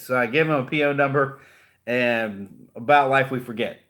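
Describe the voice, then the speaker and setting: A man's voice: medium pitch, moderate pace, a bit bright. A man who trains car dealers, giving a casual motivational talk as a blunt, chatty storyteller.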